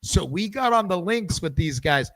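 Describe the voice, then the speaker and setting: A man's voice: high voice, moderate pace, no echo. Upbeat man hosting a chatty podcast. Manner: lively storyteller, many restarts and repeated words. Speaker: podcast host. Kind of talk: casual chat.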